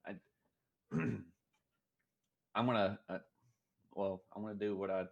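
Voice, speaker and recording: A man's voice: on the low side, fairly even intonation, slow pace, gravelly. A man playing a tabletop game, talking hesitantly and trailing off. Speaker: player. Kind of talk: casual chat. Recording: dull lo-fi mic.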